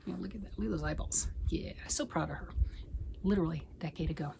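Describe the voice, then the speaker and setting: A middle-aged woman vlogging at home about knitting, chatting in a rambling way and often sinking into a soft near-whisper. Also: lowish voice, fast, vocal fry, slight background noise, rough recording. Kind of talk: casual chat.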